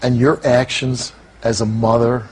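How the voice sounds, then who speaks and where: A man's voice: medium pitch, little pitch movement, unhurried, slightly rough. A man hosting a talk show, lecturing a guest in a harsh, accusing way and repeating words for emphasis.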